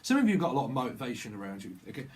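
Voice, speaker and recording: A medium-pitched man rattles quickly through a channeled tarot reading, his pitch swinging widely and his tone a little mellow. He free-associates from one pun to the next and laughs at his own jokes.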